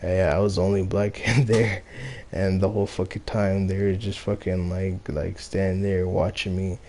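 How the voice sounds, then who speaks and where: A man's voice: low-pitched, flat delivery, normal speed, a little mellow. A young man from Los Angeles casually telling a story, rambling with many fillers and a lot of swearing. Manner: rambling, heavy on fillers and profanity.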